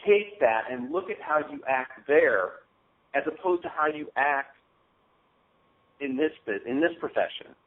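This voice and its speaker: Man, motivational coach, casual talk, keeps saying okay, tinny phone audio, fairly high voice. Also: animated, measured pace. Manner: casual, repeats "okay?" often. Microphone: phone call.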